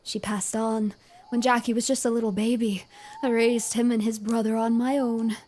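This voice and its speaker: Girl doing a tired old sailor dad begging for his missing son, slightly high voice. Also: level tone, moderate pace, a little mellow, lightly acted. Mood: weary. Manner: pleading, weary. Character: grieving old father, former sea-hardened sailor.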